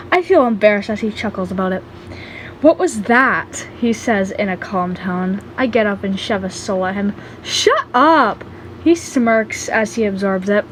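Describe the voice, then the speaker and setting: A woman's voice: a little high, slight background noise, poor audio. A woman casually reading aloud her own fan fiction story, chatty and offhand. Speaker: story reader.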